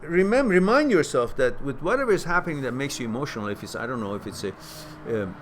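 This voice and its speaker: Guy answering viewer questions live, animated, repeats himself, faint noise behind. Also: quick pace. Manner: animated, repeats words, rises in pitch to stress points. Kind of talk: casual spoken advice talk.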